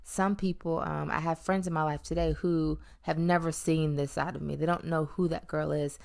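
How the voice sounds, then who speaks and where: Candid, lower-voiced woman reflecting aloud. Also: fairly even intonation, normal speed, creaky, darkish tone. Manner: reflective and conversational, with playful emphasis and many um fillers. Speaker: vlogger sharing her weight-loss story. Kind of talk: candid personal monologue.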